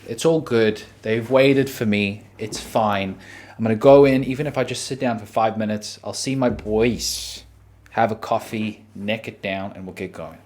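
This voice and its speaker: A man's voice: on the low side, darkish tone. A man, hosting a podcast and telling a story casually, acting out his own reactions and quotes. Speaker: podcast host.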